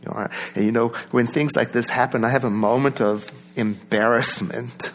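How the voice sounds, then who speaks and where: A man with a South African accent giving a reflective personal talk, conversational, with many asides and soft laughs. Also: medium pitch, steady tone, moderate pace. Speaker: speaker.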